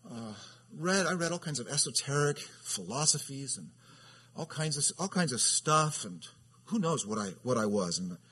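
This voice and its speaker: A man's voice: mid-range voice, sing-song, moderate pace, sharp tone, slightly rough. A man who serves as a church elder, giving a conversational sermon that rambles, restarts and keeps asking "right?". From California. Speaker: elder teaching a Bible study.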